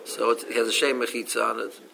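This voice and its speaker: A man leads a casual Talmud class. His voice has a gravelly edge, and he reads each line before explaining it plainly, often stopping to restart a phrase. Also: mid-range voice, little pitch movement, quick pace, bright, forceful tone, low-quality recording. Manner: reads Aramaic text then explains in English, with frequent restarts. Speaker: Talmud teacher.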